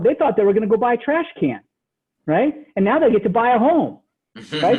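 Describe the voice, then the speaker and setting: A man giving a motivational real estate training talk over a call, animated and tacking "right?" onto his points. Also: high-pitched, fairly quick, slightly rough. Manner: animated, repeats "right?" after each point. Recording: tinny phone-line audio.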